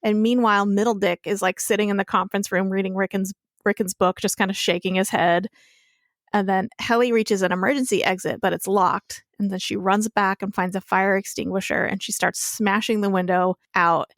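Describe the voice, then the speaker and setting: A young woman co-hosts a podcast, recapping a TV episode in a chatty, casual way and swearing plenty. Her mid-range voice holds a steady tone at a fairly quick pace, and the recording is dry and studio quality.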